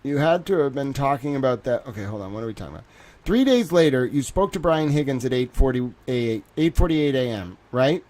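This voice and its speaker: His mid-range voice is animated and darkish in tone, and he talks fairly quickly. While reading the court transcript on his livestream, he keeps interrupting himself with laughing, incredulous commentary.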